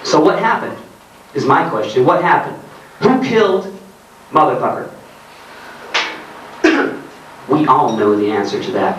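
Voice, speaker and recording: A man's voice: mid-range voice, very animated, a little slow, long pauses, a bit bright, slight background noise. A man reads his comic writing aloud to an audience in a sardonic, ranting way and laughs at his own lines. His voice comes from a distant mic and echoes around a live hall. Faint room ambience sits underneath. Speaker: author reading his own work. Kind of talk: comedic reading to a live audience. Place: arts centre hall in Germany.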